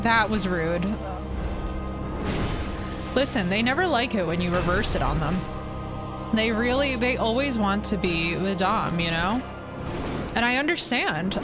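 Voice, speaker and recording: A woman streamer from the United States chatting playfully while she plays a video game live and reads out viewer messages. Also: mid-range voice. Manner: playful, chatty, reads chat aloud, teasing jokes. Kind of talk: casual live gameplay chat.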